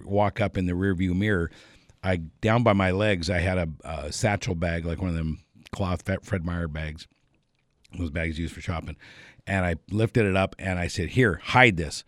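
A man casually telling a long anecdote, relaxed and rambling, chuckling often along the way. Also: low voice, moderate pace, no echo, studio quality. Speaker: storyteller.

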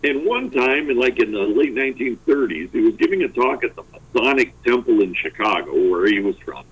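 A man's voice: medium pitch, animated, brisk, slightly rough, low-quality recording. A man telling a long rambling story as a radio guest, self-deprecating and full of fillers. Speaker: guest, former comedy performer.

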